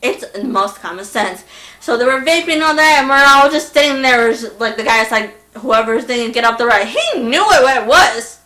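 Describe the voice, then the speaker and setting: A woman's voice: sits high, moderate pace. A young woman telling a storytime in a casual, exasperated way, acting out the people she quotes. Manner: animated, exasperated, acts out voices in quotes. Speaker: vlogger. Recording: echoey room.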